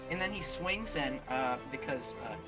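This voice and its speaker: A man's voice: mid-range voice, lively intonation, normal speed, over loud music. A young man casually retelling a movie scene in an online chat, rambling with lots of fillers. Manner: rambling, many fillers and restarts. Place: online virtual world chat.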